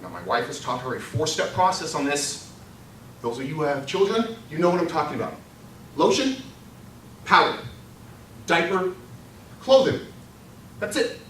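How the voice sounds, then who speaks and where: An older man giving a humorous storytelling speech at a contest, animated and laughing through his own punchlines. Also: sits high, distant mic, a little hiss or hum. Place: meeting hall. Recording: echoey hall recorded from afar.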